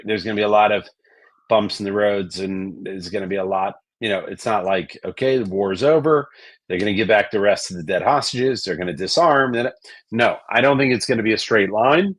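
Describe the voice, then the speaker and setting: A man, a rabbi, answering interview questions in a measured way, often hedging with "um" and "I think". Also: on the low side, no echo. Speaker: rabbi, guest.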